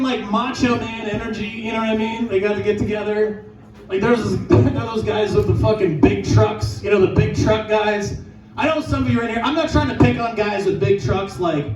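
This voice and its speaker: A man with a very high voice does brash, crude stand-up, shouting his punchlines. The sound is roomy and set back from the mic. Music plays behind him in the bar. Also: distant mic. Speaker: stand-up comedian. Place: bar lounge stage.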